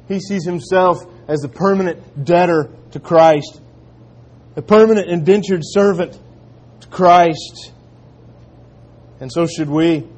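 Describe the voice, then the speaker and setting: A man preaching a sermon in an earnest manner, dropping to quiet, slow emphasis on key lines. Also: on the high side. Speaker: pastor.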